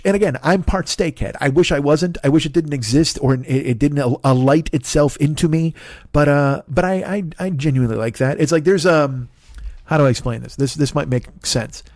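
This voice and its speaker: A man's voice: medium pitch, darkish tone, no room sound, clean studio sound. A man in his fifties giving a rambling, self-deprecating comic monologue, swearing often and restarting sentences. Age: 50s. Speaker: comedian and podcast host.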